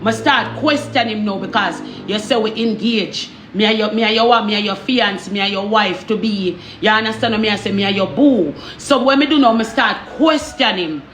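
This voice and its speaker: A woman's voice: medium pitch, normal speed, few pauses, a bit bright, roomy sound, soft background music. A woman with a Jamaican accent telling her own story in a heated, emphatic way, often stopping to ask if you understand.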